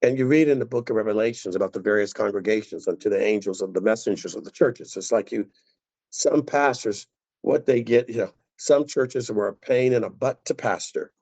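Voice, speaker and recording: A man preaching a sermon as a pastor in a conversational, animated way. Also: on the low side, fairly quick. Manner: conversational, animated, laughing asides. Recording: dull lo-fi dry recording.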